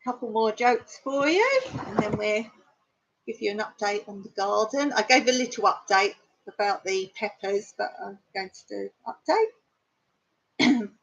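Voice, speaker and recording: A woman hosting a casual live stream from home, telling jokes and chatting in an unhurried way, clearing her throat now and then. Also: on the high side. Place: home in the countryside. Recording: dull lo-fi live stream audio.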